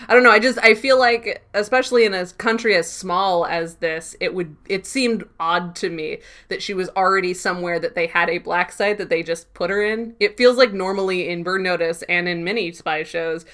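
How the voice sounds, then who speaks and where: A woman's voice: fairly low pitch, steady tone, moderate pace, few pauses, fairly bright tone. A woman co-hosting a podcast, chatting casually and laughing as she recaps a TV episode. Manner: laughing, recapping with playful quoted voices. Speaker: podcast co-host.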